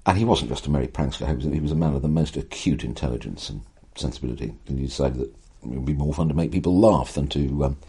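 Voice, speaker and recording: With an exceptionally deep, husky voice and a warm tone, an older man talks fast as an interview guest. His conversational storytelling is animated, built from eloquent, wry, theatrical sentences and vivid phrasing, with pacing shaped by rhythm and emphasis.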